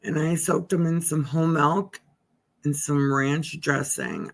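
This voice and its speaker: A middle-aged woman livestreams from her living room by a window, rambling in casual, chatty talk as though speaking to herself. Her voice sits low with a steady tone, measured pace and vocal fry.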